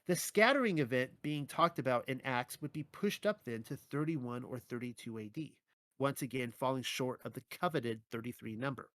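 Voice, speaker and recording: A man reading his own Bible teaching article aloud in a measured way, with occasional stumbles and wry asides. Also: medium pitch, fairly bright tone, no room sound.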